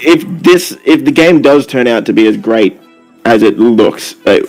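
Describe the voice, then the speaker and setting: A man on an online group call, rambling and thinking out loud as a guest panelist. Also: medium pitch, animated, a little slow, faint music behind, low-quality recording. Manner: rambling, leans on "like" while thinking aloud. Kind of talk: casual online group chat. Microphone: online call microphone.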